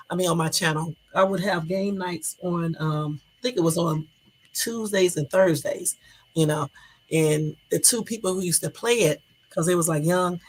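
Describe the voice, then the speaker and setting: A middle-aged woman chatting loosely on her livestream, her voice husky and full of gravelly fry. She rambles from one thing to the next, swears freely and answers viewers' comments directly. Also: fairly low pitch. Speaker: livestream host. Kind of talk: casual livestream chat.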